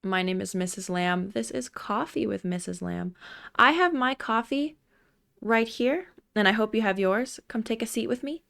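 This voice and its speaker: A woman's voice: mid-range voice, expressive, moderate pace, creaky, a bit bright. A woman hosting a casual chat vlog, giving chatty, exasperated commentary. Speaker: vlog host.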